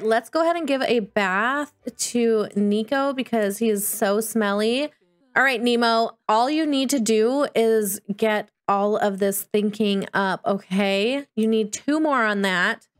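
Woman gamer, bubbly and chatty, fairly high voice, for playthrough commentary. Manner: bubbly, chatty, excitable with sudden squeals. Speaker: gaming YouTuber. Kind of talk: Let's Play commentary.

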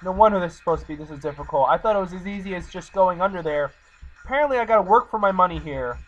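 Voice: medium pitch, animated, racing, a bit bright. Exasperated let's play gamer, slightly muffled. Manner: exasperated, talks to the game. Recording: slightly muffled recording, faint game music.

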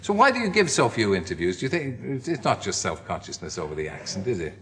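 A man's voice: lowish voice, sing-song, fast, a bit bright. An Irish man hosting a television chat show, asking jokey, teasing questions. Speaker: talk show host.

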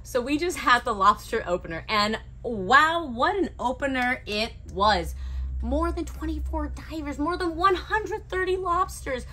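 A woman with a bright, fairly high voice that moves around a lot. She presents dive trips in a casual newsletter style and adds dry asides. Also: measured pace. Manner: animated, with wry asides. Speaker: dive shop co-host. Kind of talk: casual promotional newsletter chat.

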